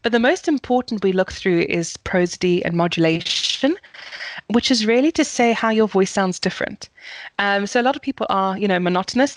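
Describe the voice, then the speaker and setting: A woman's voice: medium pitch, no room sound. A woman with a South African accent, a communications coach explaining voice technique in a podcast interview, often demonstrating intonation.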